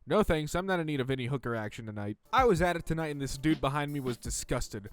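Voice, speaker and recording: A man reading stories aloud and reacting with sarcastic, deadpan debunking. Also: on the high side, brisk, hardly any pauses. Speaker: reader and commentator.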